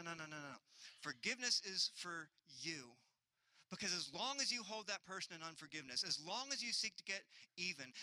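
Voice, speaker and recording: A man's voice: high-pitched, pushed and bright, dry recording, poor audio. A man in his thirties preaching a sermon, earnest and building with repetition, sometimes acting out other voices. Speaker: pastor.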